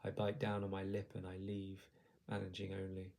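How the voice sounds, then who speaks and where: A man, the author, reading his own novel aloud in a measured, lyrical way. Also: deep voice, completely flat delivery, gravelly, a little mellow.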